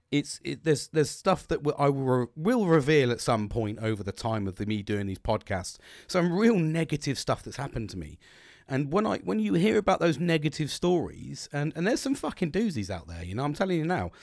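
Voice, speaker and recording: A man's voice: fairly high pitch, big pitch swings, moderate pace, gravelly, darkish tone, no echo, studio quality. A young man hosting a podcast, talking bluntly and rambling, with plenty of swearing. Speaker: podcast host. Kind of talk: candid solo podcast monologue.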